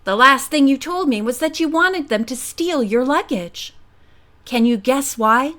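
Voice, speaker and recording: A woman's voice: sits high, expressive, measured pace, bright, forceful tone, full character voice. A woman voicing a good-humored male professor who teases lightly. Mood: jovial. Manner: jovial, teasing.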